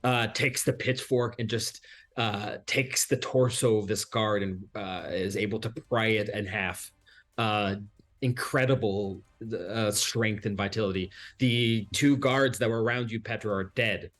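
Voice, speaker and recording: A man narrating a tabletop game as game master, pausing often and filling gaps with hesitations. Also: on the low side, a bit bright. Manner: halting, many fillers.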